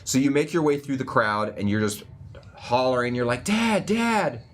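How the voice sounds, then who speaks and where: A man narrating as game master for a tabletop roleplaying game, talking in a relaxed, conversational way. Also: mid-range voice, a little fast, a little hiss or hum. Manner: relaxed and conversational, with frequent fillers and restarts.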